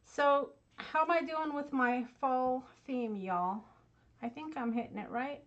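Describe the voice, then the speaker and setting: This craft channel host has a high-sitting voice and speaks a little slowly, chatting and mocking herself while she crafts at her desk at home. She refers to her viewers as "y'all," and the audio is dull.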